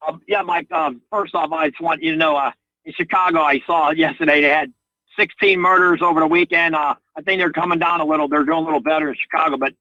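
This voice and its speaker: A male caller with a bright, forceful, slightly high voice talks hesitantly on a radio show, stopping for fillers. The line is dry and dull. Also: fairly even intonation, fast talker, no echo. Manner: hesitant, filler-heavy delivery. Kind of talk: call-in radio chat. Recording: muffled phone line into radio.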